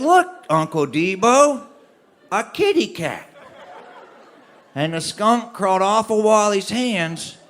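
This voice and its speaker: A male storyteller telling a funny tall tale to a live audience, animated with comic timing and laughing along. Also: sits high, a little hiss or hum. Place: live stage performance.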